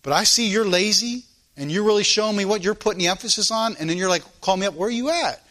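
A man preaching a sermon in a church as a pastor, swinging between loud emphasis and quiet asides, repeating phrases for emphasis. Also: sits high, fast. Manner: informal spoken grammar, repeats phrases for emphasis.

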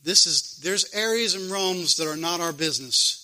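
Bright high-voiced fervent preacher man. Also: expressive, normal speed, low-quality recording. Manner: fervent preaching, repeating phrases for emphasis. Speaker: pastor. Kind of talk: sermon.

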